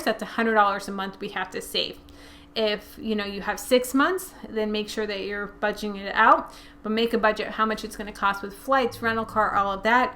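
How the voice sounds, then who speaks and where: A young woman with a fairly high, sharp-toned voice hosts a personal finance Q&A. She reads viewer questions and replies casually, chatting conversationally and using lots of fillers.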